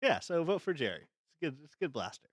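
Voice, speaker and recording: A man co-hosts a casual stream, tossing in jokes and quick asides. His pitch moves a lot, and the sound is dry and close. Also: big pitch swings, dry recording. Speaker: co-host. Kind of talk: casual livestream chat.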